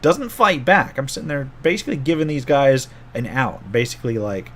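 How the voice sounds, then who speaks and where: A man's voice: medium pitch, animated, fairly quick, a bit bright. A middle-aged man, a game master, casually telling a rambling story from an old tabletop game and often correcting himself as he goes.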